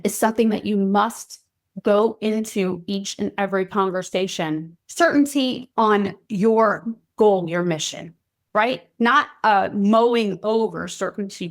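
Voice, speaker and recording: A woman hosting a podcast, talking earnestly to parents in a coaching tone and often checking in with "right?" or "okay?". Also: mid-range voice. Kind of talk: solo podcast talk.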